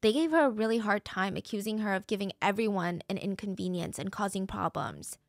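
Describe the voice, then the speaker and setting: A woman's voice: mid-range voice, lively intonation, fairly quick, creaky, dry recording, clean studio sound. A woman host narrating a true crime case in a conversational, emotionally invested way.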